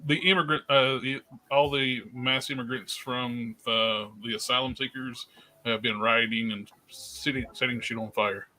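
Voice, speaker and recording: A man's voice: medium pitch, steady tone, normal speed, bright, forceful tone. A man on a casual livestream talking hesitantly, with many fillers.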